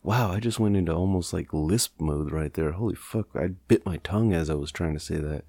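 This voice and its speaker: A man's voice: sits low, brisk, warm tone. A man hosting a podcast in casual, rambling chat, swearing freely and mocking himself. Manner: profane, rambling, self-mocking. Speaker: podcast host.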